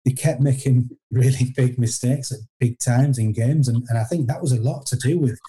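This guest, a middle-aged ex-footballer, has a very dark, mellow voice at mid pitch and speaks at a moderate pace. Recalling his playing days in a casual interview, he rambles loosely, frequently restarts sentences and is self-deprecating.

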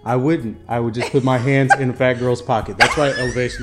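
A man's voice: mid-range voice, fairly even intonation, fast talker, hardly any pauses, loud music behind the voice. A man co-hosting a casual group chat, cracking crude jokes and laughing along as he talks. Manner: joking, crude, laughs often. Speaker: podcast co-host.

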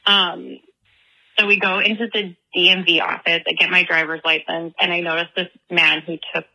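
A woman's voice: fairly low pitch, little pitch movement, normal speed, gravelly, bright, forceful tone, poor audio. A young woman from the Chicago area leaving a rambling voicemail, telling a story with frequent giggles. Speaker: voicemail caller. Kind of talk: voicemail anecdote.

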